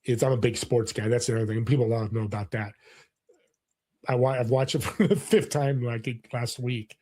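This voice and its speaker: A man's voice: mid-range voice, brisk. A man in his sixties, a guest in a casual interview, telling personal stories earnestly with lots of restarts. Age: 60s. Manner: earnest, animated storyteller with frequent restarts. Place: California.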